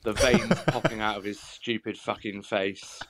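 Low, slow, disgusted man. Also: fairly even intonation, background noise. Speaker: listener sending a voice message.

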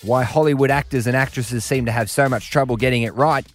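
Man, radio host, casual joking chat, middle pitch, faint music behind. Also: a little fast. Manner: jokey, chatty, puts on voices.

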